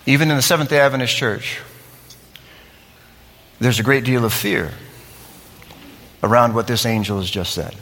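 A man preaching a sermon in an animated way, acting out scenes and asking his listeners questions. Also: mid-range voice, normal speed, pauses often, big-room sound. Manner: animated, acts out scenes and asks the audience questions. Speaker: pastor.

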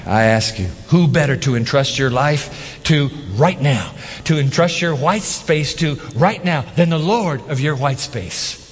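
A man preaching a sermon as pastor, animated, with rhetorical questions and emphatic repetition. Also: fairly high pitch, unhurried, in a large hall.

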